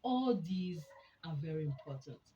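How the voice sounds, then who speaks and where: A woman giving a teaching talk to an audience, deliberate and emphatic, often asking rhetorical questions. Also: low voice, animated, mellow, dull audio, a little hiss or hum. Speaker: speaker on a women's program.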